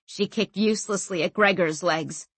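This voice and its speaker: A woman narrating a novel as an audiobook, expressive and acting out every figure. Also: fairly low pitch, moderate pace, slightly rough, no echo. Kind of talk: scripted narration.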